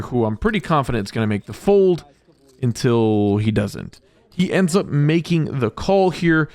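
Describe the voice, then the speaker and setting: This poker vlogger's medium, slightly mellow voice comes through without echo as he recounts hands in a voice-over. He keeps things upbeat, cracking jokes while calling the play-by-play.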